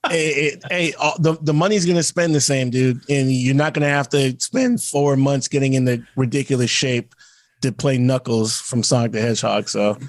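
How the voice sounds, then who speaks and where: A man's voice: mid-range voice, steady tone, moderate pace, dry recording. A man co-hosting a podcast in casual chat, rambling with restarts and playful acted-out quotes. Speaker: podcast co-host.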